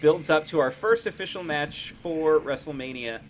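A man co-hosts a relaxed recap chat, walking through each event in turn. He laughs easily between points, and a faint noise hangs under his voice. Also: on the high side, moderate pace. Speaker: podcast co-host.

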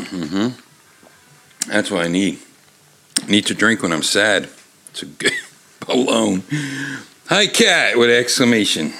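A middle-aged man holds forth alone at a desk mic, his low voice bright and edgy in tone. He wanders from thought to thought, cutting himself off and swearing offhandedly, his pitch swinging widely as he goes. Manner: rambling, self-interrupting, swears casually. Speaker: show host. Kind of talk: casual rambling monologue. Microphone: desk microphone.

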